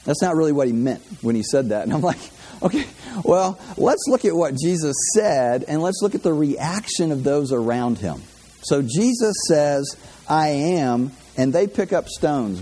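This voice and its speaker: A man with a warm, husky, medium-pitched voice teaches a Bible class as an informal sermon. He talks conversationally, repeating words, restarting his sentences, and asking his listeners questions.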